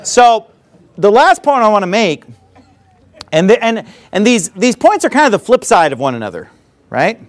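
A male pastor preaching with a high, lively voice that leaps up and down in pitch. He delivers the sermon animatedly, mixing scripture with mocking jabs and laughter. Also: moderate pace.

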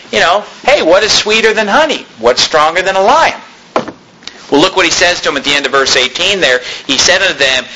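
A man preaching a sermon, retelling a story in a casual, joking way. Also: fairly high pitch. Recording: echoey room, faint noise.

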